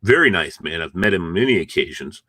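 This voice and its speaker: A man hosting an interview show tells long, rambling stories in a fairly low voice. His recording is dry and close, with no room around it. He keeps things loose and conversational. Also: sing-song, fast talker, bright, forceful tone, no echo. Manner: rambling anecdotal storytelling. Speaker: show host.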